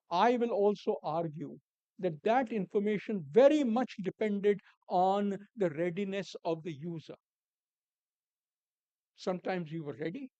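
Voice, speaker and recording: Measured high-voiced man addressing a forum. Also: darkish tone, dry recording, lo-fi sound. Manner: measured, deliberate, with repeated emphasis and dry asides. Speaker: panel speaker. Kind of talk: formal conference address. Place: conference hall.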